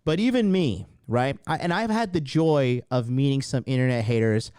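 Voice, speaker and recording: A male host reacting to a clip, cursing freely and rising and falling a lot in pitch as he tells a story. The sound is close and dry. He leans hard on his points. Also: animated, moderate pace, darkish tone, smooth, dry recording. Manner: profane, emphatic, storytelling. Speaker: podcast host. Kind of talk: reaction commentary.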